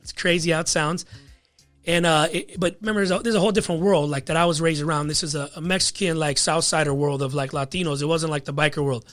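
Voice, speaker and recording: A man's voice: fairly high pitch, fairly even intonation, quick pace, fairly bright tone, faint music behind. A man as a podcast guest, telling a personal story in a loose, casual way, full of fillers like "you know what I mean.". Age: adult with a wife and child.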